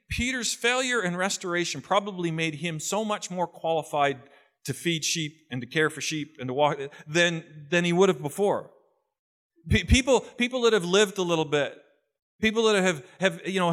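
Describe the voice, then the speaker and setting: A pastor giving an earnest, conversational sermon. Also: male voice, high voice, fairly bright tone.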